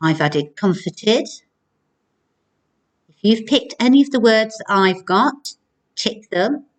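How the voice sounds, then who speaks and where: A woman primary school teacher giving a recorded video lesson, speaking clearly and encouragingly to children. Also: medium pitch, lively intonation. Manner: slow, clear, encouraging classroom delivery.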